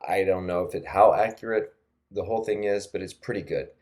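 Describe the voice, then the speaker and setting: A language teacher in middle age narrates a screen-recorded tutorial a little fast, with fairly even intonation. His voice is low and mellow, and his chatty style includes many fillers and quiet laughs. He's close to a desktop mic.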